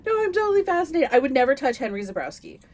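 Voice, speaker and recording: Giggly high-voiced woman telling stories. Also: very fast. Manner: giggly, animated storytelling with acted-out quotes. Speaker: podcast co-host. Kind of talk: casual chat. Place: podcast recording space.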